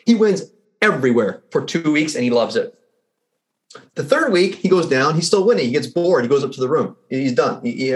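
A man who works as a results coach, a guest on a podcast, telling stories in a lively way and acting out the people in them. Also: on the high side. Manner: animated storyteller who acts out the people in his stories. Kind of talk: casual conversation with storytelling.

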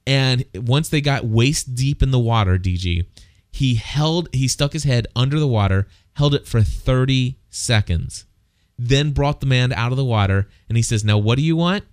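A man's voice: mid-range voice, normal speed, a little mellow, dry recording, studio quality. A man co-hosting a casual faith talk, speaking earnestly and often repeating words as he thinks. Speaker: co-host.

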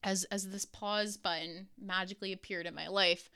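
Bright, lively woman telling a story. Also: medium pitch, moderate pace, clean tone, dry recording, clean studio sound. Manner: animated, laughs often, swears casually. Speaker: podcast host. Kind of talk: personal storytelling.

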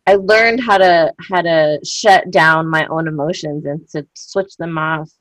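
A woman's voice: low voice, steady tone, measured pace, fairly bright tone, no room sound, rough recording. A woman in her thirties chatting candidly, telling personal stories with lots of fillers and acted-out quotes. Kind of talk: casual chat.

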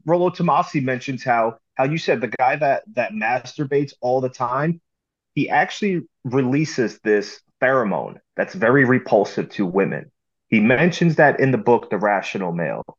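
A man's voice: medium pitch, lively intonation, normal speed. A man co-hosting a podcast, speaking confidently in casual chat and addressing listeners directly. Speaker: podcast co-host. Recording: dull lo-fi sound.

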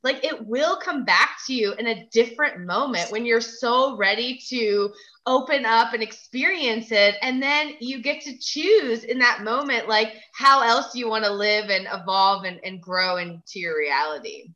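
A woman's voice: fairly high pitch, measured pace, pushed and bright, dull audio. A woman guest in a casual chat, speaking dreamily and filling nearly every phrase with "like.". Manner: dreamy, filler-heavy, says "like" constantly.

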